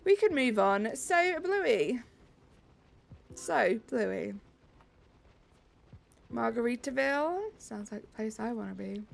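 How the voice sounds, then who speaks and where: A woman's voice: fairly high pitch, animated, takes it slowly, vocal fry, long pauses. A woman streamer chatting casually with her live chat, giggling and teasing herself as she reads messages. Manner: giggly, self-mocking, chatty.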